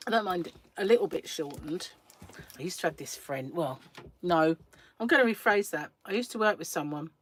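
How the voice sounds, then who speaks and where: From a small room in her home, a woman from England hosts a crochet livestream, casually chatting, rambling and laughing often with her live audience. The voice is on the low side with a fairly bright tone, plus a little hiss or hum.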